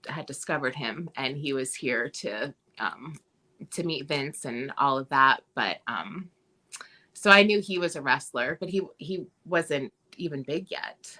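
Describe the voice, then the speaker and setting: A woman guest telling family stories in a casual interview, chatty with many pauses and fillers. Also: extremely low pitch. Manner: chatty, many ums, animated when quoting.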